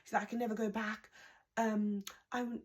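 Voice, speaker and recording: A young woman recapping a reality show in casual chat, animated, opinionated and mocking. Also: on the high side, normal speed.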